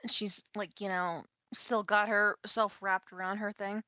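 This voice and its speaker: A woman's voice: medium pitch, flat delivery, a little slow, few pauses, bright, forceful tone, clear, resonant tone, dry recording. A woman playing a tabletop game, speaking directly and narrating what her character does. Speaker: player. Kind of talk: casual tabletop game chat.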